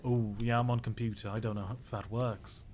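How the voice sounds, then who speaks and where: A man's voice: mid-range voice, little pitch movement, brisk, a little mellow, slight background noise. A man streaming a strategy game, joking and chatting with his viewers in casual commentary.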